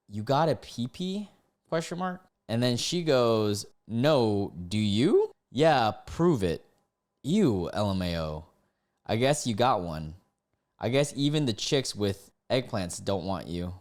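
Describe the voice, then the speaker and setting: Reading dating app posts out loud, a young man reacts in a casual way, laughing and suddenly jumping into high-pitched disbelief.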